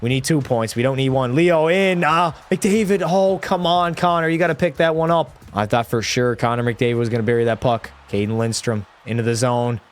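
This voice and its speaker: A man calls hockey video game action into a desk microphone at home, in a mid-range voice. He talks like a play-by-play announcer and breaks into excitable, frustrated outbursts. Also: medium pitch, brisk, few pauses. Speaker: gaming creator. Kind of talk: live gameplay commentary.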